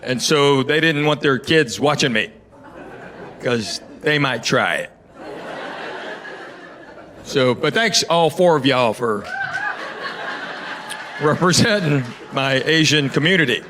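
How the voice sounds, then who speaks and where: Brief: middle-aged man, Southern Tennessee accent, slightly high voice, dry stand-up delivery, live echoey venue. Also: expressive, slow, long pauses, background noise. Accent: East Tennessee Southern. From Knoxville, Tennessee, US. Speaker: stand-up comedian. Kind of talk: stand-up comedy set. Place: theater stage before a live audience.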